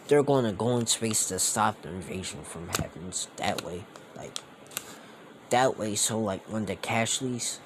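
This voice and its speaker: A man's voice: lowish voice, noisy background. A young man casually retelling a fan story, rambling with lots of fillers.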